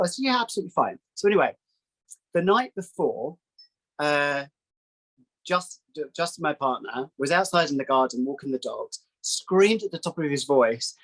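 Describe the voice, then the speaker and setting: A man, a psychic guest telling a story in casual chat, acting out quoted voices in a higher pitch. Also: big pitch swings, moderate pace, fairly bright tone, rough recording. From England.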